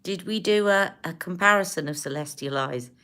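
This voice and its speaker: A woman hosting a beauty livestream, talking straight to her viewers. Her voice sits a little low. Her talk rambles in a chatty, affectionate and emotional way, as she speaks into a phone or webcam. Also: normal speed, pushed and bright, clear, resonant tone. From United Kingdom. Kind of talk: casual livestream chat with viewers.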